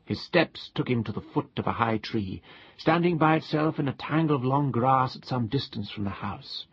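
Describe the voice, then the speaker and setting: Male narrator reading a ghost story in a measured, deliberate way, with a raspy, gravelly voice. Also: mid-range voice, expressive, no room sound, muffled recording.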